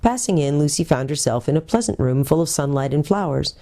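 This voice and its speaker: Mellow woman reading a story aloud. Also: low-pitched, lively intonation, a little fast. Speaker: pastor. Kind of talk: reading a children's book aloud.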